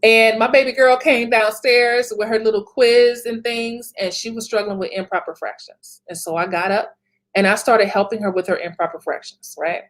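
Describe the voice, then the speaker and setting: A woman's voice: fairly high pitch, fairly even intonation, normal speed. A woman in her thirties giving a motivational talk as a business coach, emphatic, repeating phrases and laughing often.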